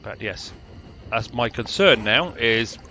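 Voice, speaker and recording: A man's voice: medium pitch, lively intonation, takes it slowly, vocal fry, sharp tone, soft background music. A British man giving casual, rambling commentary over a train management game, with a dry, sarcastic manner. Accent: British English. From Britain. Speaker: gameplay commentator.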